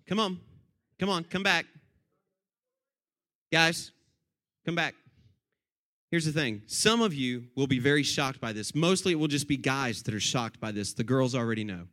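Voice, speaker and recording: A man preaching a sermon to his congregation, animated and addressing them directly. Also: medium pitch, moderate pace, long pauses. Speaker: pastor.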